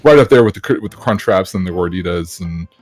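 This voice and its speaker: A man's voice: sits low, animated, fast talker, slightly rough, no room sound, soft background music. A man co-hosting a podcast, telling a story in a rambling, hesitant, mock-dramatic way. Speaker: podcast co-host. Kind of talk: casual comedic storytelling.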